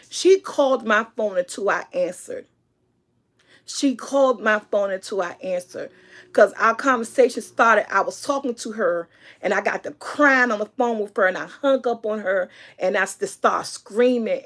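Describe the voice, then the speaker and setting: A middle-aged woman vlogger, giving an emphatic, preachy motivational talk and repeating her key lines. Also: mid-range voice.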